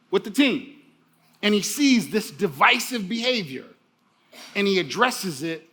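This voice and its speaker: A middle-aged man delivers a motivational keynote in a bright, high voice. He is emphatic and repeats his key phrases over and over so the audience remembers them. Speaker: keynote speaker.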